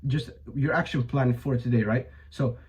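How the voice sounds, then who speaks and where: Young man, vlogger, blunt, profane, filler-heavy, slightly strained voice, warm dark timbre. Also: mid-range voice, fairly even intonation, normal speed, rough recording. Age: young adult. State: voice a bit strained. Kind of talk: casual advice monologue.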